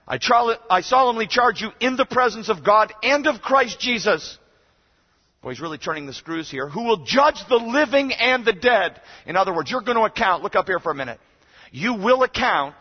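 Guest preacher, male, high husky voice, exhorting hard; long-reverb chapel, muffled. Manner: emphatic, exhorting, rising to shouts. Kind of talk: sermon.

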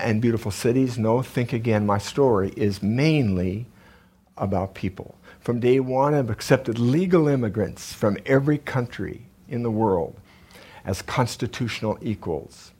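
A man from eastern Colorado speaks with a gravelly, husky voice. He moves between joking asides and a slow, solemn recitation. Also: mid-range voice, a little mellow. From eastern Colorado, USA. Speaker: speaker at a conference. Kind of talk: informal talk with a recited tribute.

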